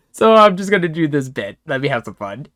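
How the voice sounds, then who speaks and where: A man running a tabletop game as game master, animated and loose, with laughter and swearing. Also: on the high side, no echo, clean studio sound.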